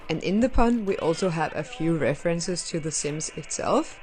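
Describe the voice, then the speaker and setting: A woman with a somewhat low voice talks through a game in a casual, explanatory way. She keeps the tone playful and drops in nerdy asides as she goes. It sounds like a home voice-over for a gaming channel. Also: lively intonation, normal speed, a little mellow, a little hiss or hum. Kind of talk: casual explanatory gameplay commentary.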